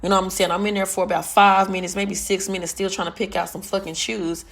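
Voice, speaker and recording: Loud, blunt woman telling a story. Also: medium pitch, level tone, quick pace. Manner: loud, carrying voice, blunt and profane. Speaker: vlogger. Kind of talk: casual storytelling rant.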